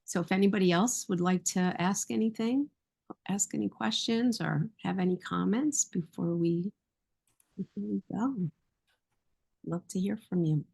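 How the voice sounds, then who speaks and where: A woman hosts a group video meeting with a gravelly, fry-laden voice. She keeps her remarks short and gentle as she invites questions from the group. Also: medium pitch, measured pace. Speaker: host. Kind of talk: moderating an online group meeting. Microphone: video call.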